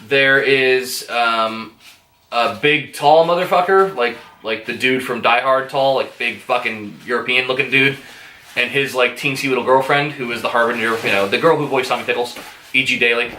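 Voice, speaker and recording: A man's voice: medium pitch, moderate pace, sharp tone, echoey room, a little hiss or hum. Rambling, profane male movie reviewer. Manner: rambling, profane, hesitant with many fillers. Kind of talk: casual spoken movie review.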